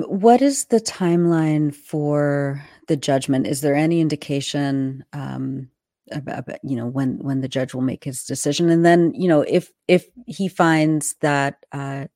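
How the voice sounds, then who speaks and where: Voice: medium pitch, a little mellow, dry recording, studio quality. A co-host asking questions hesitantly, with fillers and restarts. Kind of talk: roundtable discussion.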